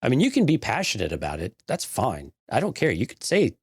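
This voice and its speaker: A man's voice: fairly low pitch, very animated, fast, few pauses, husky, no echo, clean studio sound. A man co-hosting a podcast in casual chat, easygoing and reflective. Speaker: podcast co-host.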